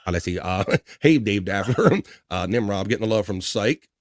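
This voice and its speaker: A man's voice: fairly low pitch, lively intonation, normal speed, no room sound, studio quality. A middle-aged man hosting a casual livestream, reading viewer comments in an upbeat, chatty way with frequent laughs. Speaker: livestream host.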